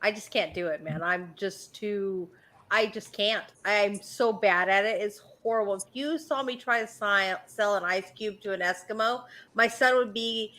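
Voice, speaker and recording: A woman's voice: medium pitch, moderate pace, pushed and bright. A middle-aged American woman, hosting a casual stream chat, blunt and swearing freely. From United States. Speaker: stream host.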